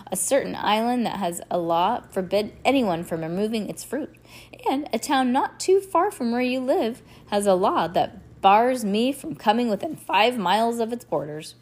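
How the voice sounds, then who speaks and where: A woman's voice: a little high, animated, moderate pace, a little mellow. A woman reading a novel aloud, in a plain manner with frequent stumbles and restarts. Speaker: reader.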